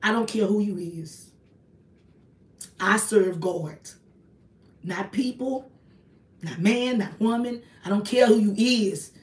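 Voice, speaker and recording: A woman's voice: medium pitch, slow pace, pauses often, far from the mic. A woman, talking to her viewers in a casual livestream from her apartment, emphatic and repetitive as she preaches. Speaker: online ministry host. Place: small home apartment, indoors. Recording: echoey room, voice off-mic.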